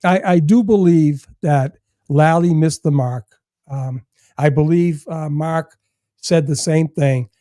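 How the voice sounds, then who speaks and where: Older man, retired agent guest, animated storyteller; warm dark tone, dry close sound. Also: on the high side, slow, dry recording. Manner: animated storyteller, swears freely. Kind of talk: casual chat.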